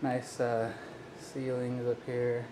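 A man's voice: mid-range voice, slow pace. A young man, out of breath from hauling boxes, giving a casual tour of a new apartment. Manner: relaxed, offhand touring commentary. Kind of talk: casual walkthrough narration. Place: new apartment, indoors and outside on stairs. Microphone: handheld camera mic. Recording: noisy handheld camera audio.

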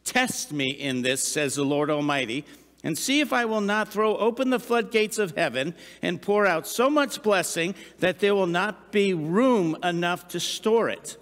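A middle-aged pastor delivers a conversational sermon, asking the congregation questions and slipping in asides. His voice sits high for a man. It rings out with the long reverb of a big church hall. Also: lively intonation, a little slow, hardly any pauses, a bit bright. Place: church sanctuary.

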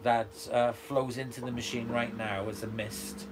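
A man's voice: mid-range voice, level tone, moderate pace, noisy background. A man hosting a live stream, chatting enthusiastically and reading out viewer comments with frequent fillers. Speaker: channel host. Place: indoors at home near a running washer.

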